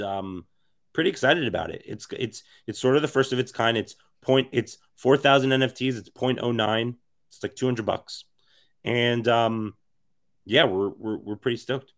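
A man with a raspy, hoarse voice talks as an interview guest, rambling with lots of fillers and restarts. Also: mid-range voice, normal speed, a bit bright. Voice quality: raspy, worn voice. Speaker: interview guest, NFT project co-founder. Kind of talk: casual podcast interview.

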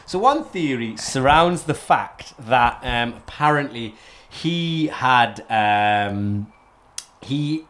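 A man's voice: mid-range voice, expressive, slow pace, fairly bright tone. A man from North East England hosting a casual history podcast, rambling and often correcting himself. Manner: rambling, many restarts and self-corrections. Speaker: podcast host.

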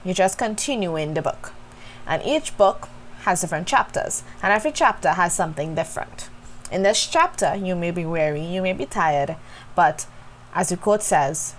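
On her reflective faith podcast, a woman with a fairly low voice talks directly and candidly to listeners, addressing them as y'all in a conversational way. She keeps a moderate pace, and the low-quality recording carries a little hiss or hum.

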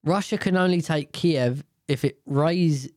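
A man's voice: a little high, unhurried, a little mellow, no room sound, clean studio sound. A man in casual, rambling commentary on the news, swearing freely and often correcting himself.

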